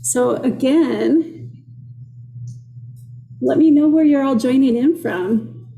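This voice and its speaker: A woman with a Minnesota accent teaches a live online cooking class from her kitchen workspace, greeting viewers in a chatty, upbeat way. Her high voice is slow, gravelly and mellow. The sound is roomy with faint music behind.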